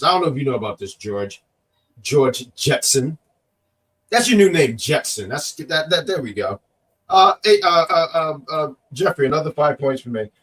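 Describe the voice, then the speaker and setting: A man's voice: a little high, far from the mic. A man co-hosting a live-streamed wrestling review, rambling and joking while he reads chat comments aloud, working through a cough. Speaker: co-host of a wrestling review show.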